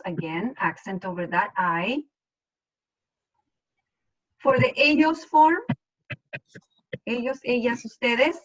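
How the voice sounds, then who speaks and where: A woman's voice: fairly high pitch, lively intonation, a little slow, fairly bright tone, lo-fi sound. A woman teaching a Spanish class over a video call, explaining patiently and step by step. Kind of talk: online class lesson.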